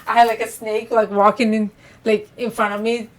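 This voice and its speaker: A woman's voice: on the high side, flat delivery, normal speed, rough recording. A woman guest on a podcast telling about her experiences in a casual, chatty way, often saying "like". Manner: chatty, fills speech with "like". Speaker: podcast guest, meditation practitioner. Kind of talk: casual interview chat.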